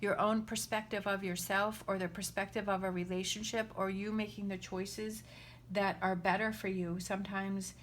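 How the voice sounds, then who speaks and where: A woman's voice: mid-range voice, flat delivery, moderate pace, a little hiss or hum. A woman giving a casual spoken tarot reading, earnest and reassuring, often checking in with the listener. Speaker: tarot reader.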